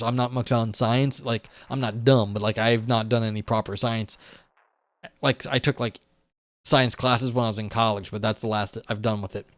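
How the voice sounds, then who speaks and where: A man's voice: medium pitch, dry recording. A young man hosting a live stream, reading a philosophy paper aloud and breaking off into skeptical, offhand commentary. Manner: reads aloud, then breaks off into wry, skeptical asides. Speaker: livestream host reading a paper.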